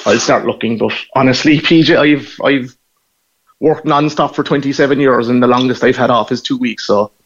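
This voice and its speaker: A man from Cork with a clear Cork accent talks casually as a guest, telling stories with a self-deprecating humour. The audio is a little muffled and lo-fi. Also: mid-range voice, moderate pace. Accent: Cork Irish. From Ireland. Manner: chatty, anecdotal, self-deprecating. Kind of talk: casual interview.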